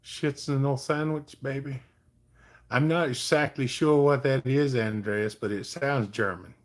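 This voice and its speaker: Folksy middle-aged man hosting a relaxed livestream chat. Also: medium pitch, moderate pace. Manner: folksy, easygoing, talks to viewers by name. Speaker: livestream host. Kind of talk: casual chat reading viewer comments.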